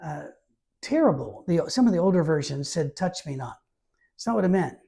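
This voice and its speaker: A man leads a Bible study, his voice fairly high, dark-toned, breathy at the edges, animated, and a little fast. As a pastor, he reads scripture aloud and interrupts himself with casual commentary, asides, and light humor.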